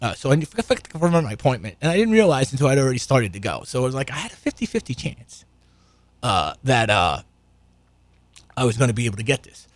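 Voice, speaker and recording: A man's voice: medium pitch, sing-song, fast talker, no echo. An older man telling a rambling, profane story in casual monologue, full of asides and restarts. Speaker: show regular.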